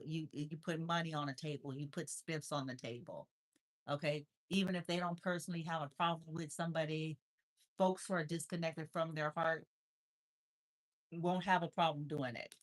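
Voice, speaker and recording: A woman, talking in high baby talk to her cat, then giving a tarot reading in an unhurried, repetitive way. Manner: unhurried, repeats itself. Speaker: tarot reader. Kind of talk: casual chat with her cat.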